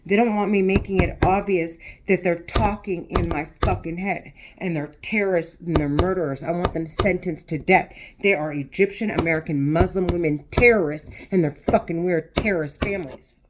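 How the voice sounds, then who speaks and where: A woman's voice: lowish voice, moderate pace, hardly any pauses, noisy background. A woman speaking alone to camera in an agitated, repetitive monologue, full of swearing. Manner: repetitive, swearing, tense ranting. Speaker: vlogger.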